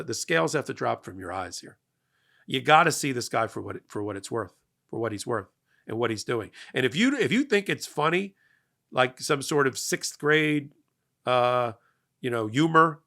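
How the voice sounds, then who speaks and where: Middle-aged male host, gravelly and bright-toned, emphatic and energetic political commentary. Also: mid-range voice. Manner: emphatic, energetic, rising to loud peaks. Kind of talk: passionate political monologue.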